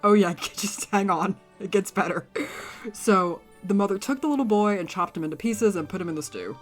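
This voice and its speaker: A woman's voice: medium pitch, expressive, moderate pace, faint music behind. A woman co-hosting a podcast, casually retelling a grim fairy tale with frequent giggles and chatty asides. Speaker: podcast co-host. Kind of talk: casual storytelling.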